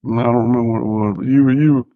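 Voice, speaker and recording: An older Southern man talks in a gravelly, folksy drawl, circling back over his words before he lands them. The sound is muffled and lo-fi, with a dry, close feel and no room around it. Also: medium pitch, steady tone, no echo. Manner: folksy, unhurried, stammering restarts. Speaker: guest farmer. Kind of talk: casual podcast chat.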